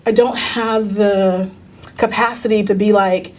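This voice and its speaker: A middle-aged American woman, a teacher and union leader, recounting a personal experience in a halting, earnest way with many fillers and restarts. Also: mid-range voice, fairly even intonation, a little mellow. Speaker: union council president, teacher. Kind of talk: personal storytelling in a recorded conversation.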